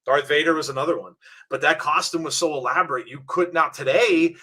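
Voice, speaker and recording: A middle-aged man hosting a podcast, reminiscing in a halting casual chat with repeated words. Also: fairly high pitch, sharp tone, slightly rough. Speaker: podcast host.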